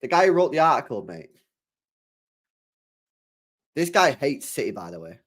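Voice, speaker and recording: Exasperated young football streamer. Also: male voice, mid-range voice, sing-song, normal speed, a bit bright. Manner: exasperated, swearing, laughing, slangy. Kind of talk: casual stream chat.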